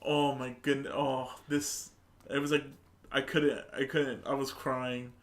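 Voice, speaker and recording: A man co-hosting a podcast in casual chat, retelling scenes in an animated way. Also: mid-range voice, unhurried. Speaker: podcast co-host.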